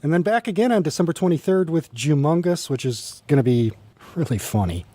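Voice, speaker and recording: A man hosting a casual radio interview, relaxed and wry, in a studio. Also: on the high side, brisk. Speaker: radio host.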